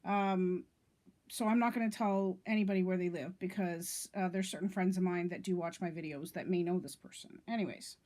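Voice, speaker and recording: A woman's voice: fairly low pitch, fairly even intonation, normal speed, dark tone. A middle-aged woman talking straight to her viewers in a casual vlog, indignant and rambling, with lots of "um" and "okay?" along the way. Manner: indignant, rambling, many fillers and "okay?" checks. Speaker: vlogger.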